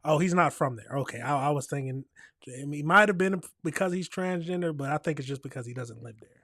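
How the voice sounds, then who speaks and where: A man's voice: a little high, fast talker, a bit bright, no room sound. A man hosting a reaction video, commenting casually and bluntly to his viewers from a home setup. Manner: blunt, talks straight to viewers. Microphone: USB desk microphone.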